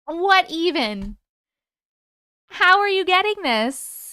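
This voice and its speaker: A woman's voice: extremely high pitch, big pitch swings, takes it slowly, pushed and bright, no echo. A woman hosting a live stream, chatting casually with viewers, laughing often and swearing freely.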